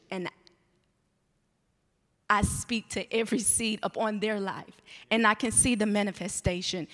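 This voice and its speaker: A woman's voice: medium pitch, a bit bright. Young woman testifying in a reverberant church. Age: young adult. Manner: candid, rambling storytelling. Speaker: church member giving testimony. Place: church sanctuary.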